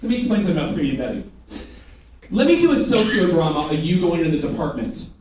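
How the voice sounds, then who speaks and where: High, lively man drilling a training room. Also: quick pace, slight background noise. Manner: commanding, drills the audience with call and response. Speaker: sales trainer. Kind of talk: live sales training session. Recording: echoey room from a distance, faint ambience.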